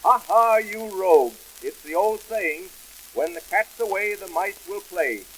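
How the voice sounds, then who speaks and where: A man's voice: high-pitched, measured pace, a little hiss or hum, rough recording. A man voicing a jovial, teasing friend who chuckles through his banter, in 1920s vaudeville comedy record style. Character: jovial male friend, nervous rider.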